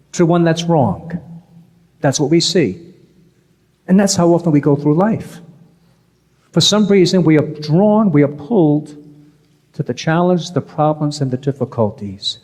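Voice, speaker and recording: A man, a priest, giving a conversational sermon, repeating key phrases for emphasis. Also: sits high. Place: church. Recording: church with long reverb.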